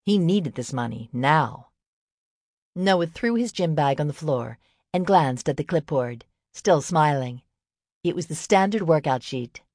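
A low-voiced woman narrates a story for an audiobook, reading from a script in a steady, measured storytelling manner. There is no echo, and the studio sound is clean.

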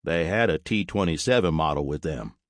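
A man's voice: very deep voice, expressive, a little fast, no echo. A man doing a flustered, worried burger-shack owner. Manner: flustered, pleading.

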